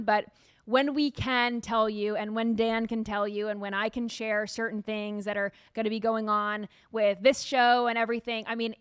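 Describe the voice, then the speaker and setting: A woman hosting a casual news commentary show, animated and sarcastic, firing off rhetorical questions. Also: on the high side, clear, resonant tone, no echo, clean studio sound. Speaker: show host.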